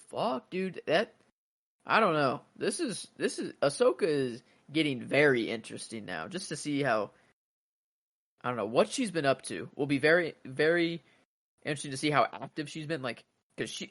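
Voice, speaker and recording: A man's voice: medium pitch, fairly bright tone, no room sound. Male podcast co-host, loose and rambling, dry booth sound. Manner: rambling, casual swearing. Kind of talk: casual fan chat.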